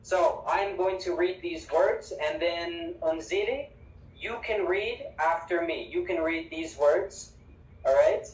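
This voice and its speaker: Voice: medium pitch, darkish tone. English teacher, upbeat, stretches out words for students, kinda far from the mic. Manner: upbeat, emphatic, repeats words slowly for students. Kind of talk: online English class. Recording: echoey room, distant mic.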